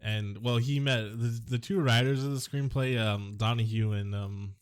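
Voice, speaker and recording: A man's voice: mid-range voice, fairly even intonation, moderate pace, smooth. A man co-hosting a casual movie podcast, joking and rambling between facts about the film. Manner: jokey, rambling, silly impressions. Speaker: podcast co-host.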